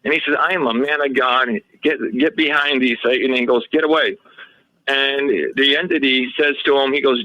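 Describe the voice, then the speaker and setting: A man's voice: mid-range voice, steady tone, fairly quick, dry recording, highs cut off. A man talking as a radio show guest, telling a long story in a rambling way and often quoting what others told him. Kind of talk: casual interview storytelling.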